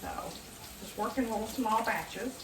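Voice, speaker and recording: A woman's voice: fairly high pitch, unhurried, echoey room, distant mic, background noise. A woman chatting enthusiastically to her viewers while demonstrating a recipe in her home kitchen. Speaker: home cooking vlogger. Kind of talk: casual cooking demonstration.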